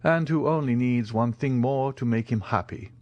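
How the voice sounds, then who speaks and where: A man voicing a suave, commanding count who speaks in a smooth, measured, courteous way. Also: mid-range voice, no echo, lo-fi sound, close to an everyday voice.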